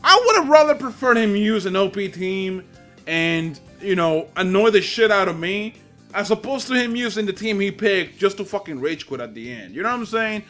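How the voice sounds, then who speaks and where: Soft music plays behind this young man, a gaming channel host with a Spanish accent, as he delivers loose, profane trash talk while playing a fighting game online. His voice is high and expressive, fairly bright, and moves at a moderate pace.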